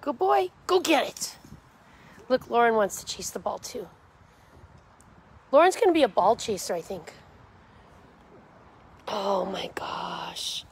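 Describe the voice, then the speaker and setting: In a slightly high, sing-song voice, a woman calls and cheers on dogs with coaxing baby talk during a backyard live stream, pausing often at a moderate pace. She's a dog rescue volunteer, and a little hiss or hum runs under the audio.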